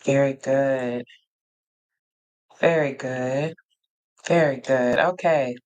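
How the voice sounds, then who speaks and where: A woman hosting a live-streamed Q&A, reading out chat replies in an energetic, encouraging way and often repeating herself. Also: very deep voice, extremely slow. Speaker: live Q&A host, coach.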